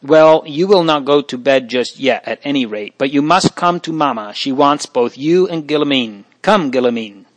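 A man reading the part of a gentle, protective older brother in an audiobook, speaking calmly and reassuringly. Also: mid-range voice, normal speed, hardly any pauses, dry recording, natural voice.

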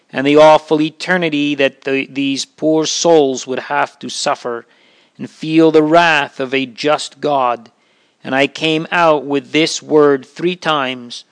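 A man reads an old religious memoir aloud at an unhurried, deliberate pace. His voice is clear and smooth, and his delivery is solemn and earnest. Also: mid-range voice. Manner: slow, solemn, earnest reading. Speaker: reader.

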